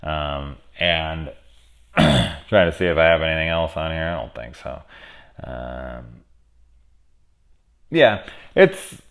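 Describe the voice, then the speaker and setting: A man's voice: extremely low pitch, expressive, slow pace, pauses often, fairly bright tone. A man casually reviewing a horror episode at home close to his camera, rambling and swearing as he retells scenes. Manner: rambling, profane, acts out characters' lines. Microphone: camera mic very close.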